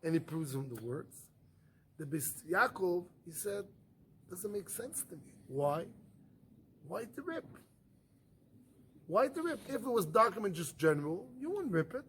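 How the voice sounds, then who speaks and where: A rabbi with a high-pitched voice teaches a Talmud study class at a normal speed in non-native English, with slight background noise. He poses rhetorical questions and answers them himself, animatedly acting out the arguments in the first person.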